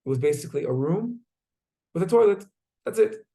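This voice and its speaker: A man teaching a class, asking students questions and telling stories in a lively way. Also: high voice, a little fast, creaky. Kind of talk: classroom lesson with storytelling.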